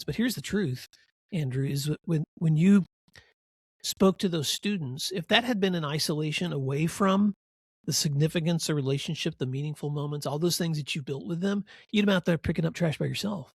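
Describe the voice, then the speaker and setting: A reflective male podcast host who affirms his guest and restates the guest's points. His voice is slightly husky and a little high, recorded close and dry with no room sound. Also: brisk, no echo. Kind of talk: interview host questions.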